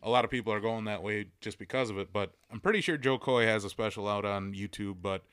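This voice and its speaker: A man with a bright, crisp voice chats casually as a podcast co-host. He sounds close and dry, with no room around him. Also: lowish voice, quick pace, no room sound. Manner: chatty, recommending comedy specials.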